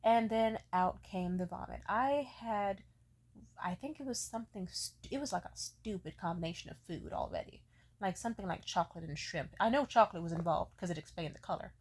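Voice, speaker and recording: A young woman vlogger telling a casual, profane story with animated energy. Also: fairly low pitch, a little fast, a little hiss or hum.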